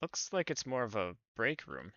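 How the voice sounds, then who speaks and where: Soft-spoken man streaming a game. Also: mid-range voice, huge pitch swings, moderate pace, highs cut off, very noisy. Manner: soft-spoken, hesitant, lots of fillers. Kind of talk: casual game commentary and reading. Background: game music.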